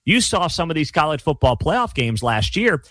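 A man's voice: on the high side, big pitch swings, moderate pace, fairly bright tone, dry recording. Man, sports talk host, emphatic and sarcastic rant, dry close sound. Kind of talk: opinionated solo commentary.

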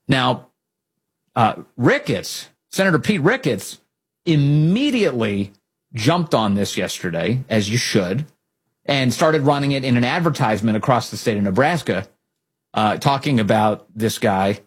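A man hosting a political talk show, delivering sarcastic, animated commentary. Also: medium pitch, unhurried, husky. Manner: animated, sarcastic, mimics opponents.

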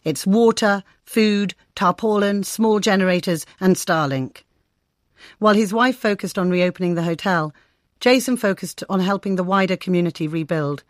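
A woman correspondent narrating a scripted radio report in a measured, descriptive way. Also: medium pitch, dry recording, clean studio sound. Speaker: foreign correspondent.

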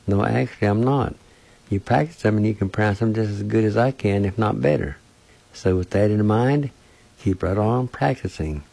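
A man giving a language lesson, sounding out words syllable by syllable in a slow, deliberate, gently encouraging way. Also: on the low side, vocal fry, husky. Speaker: language teacher.

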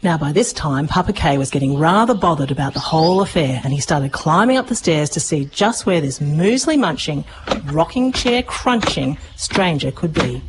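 Woman reading a children's story, lowish voice, lively delivery, faint hiss. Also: moderate pace. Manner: lively, expressive narration.

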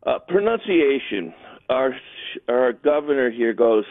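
A man's voice: medium pitch, sing-song, unhurried, no echo. A man calling in to a radio show, rambling and joking, mimicking other people's voices. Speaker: caller. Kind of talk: call-in radio chat. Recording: tinny phone line.

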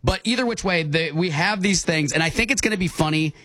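A man's voice: sits high, a little fast, bright, forceful tone, no room sound, studio quality. A man in casual, playful chat, laughing often and restarting his sentences. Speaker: co-host.

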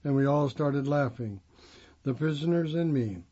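A man's voice: medium pitch, normal speed, dark tone, slightly rough. Man reading aloud, dull lo-fi sound. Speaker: reader of a magazine profile. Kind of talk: reading a first-person profile aloud.

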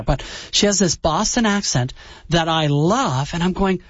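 A man's voice: on the high side, expressive, normal speed. A male host chats eagerly and cracks jokes as he sets up segments. The sound is dry and close, with no room echo. The band is slightly dull. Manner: enthusiastic, joking. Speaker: radio show host. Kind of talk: casual chat.

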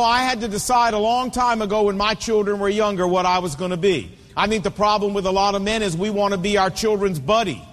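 A man's voice: high-pitched, long reverb tail. A man in his fifties preaching a sermon with an emphatic, repetitive cadence. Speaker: pastor.

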